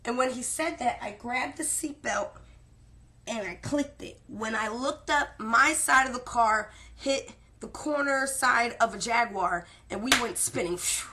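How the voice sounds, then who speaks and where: A woman vlogger speaking to her viewers, talkative and emotional, repeating herself for emphasis, loud at times and soft and tired at others. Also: sits high, lively intonation, a little slow. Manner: swings between loud insistence and soft tired murmurs. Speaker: spirit-communication vlogger. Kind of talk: emotional personal storytelling to camera.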